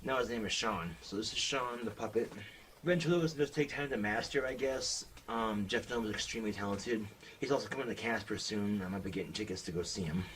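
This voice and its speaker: A man's voice: lowish voice, brisk, a bit bright, a little hiss or hum, poor audio. A young man talking casually into a webcam, rambling and blunt, swearing often. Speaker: vlogger.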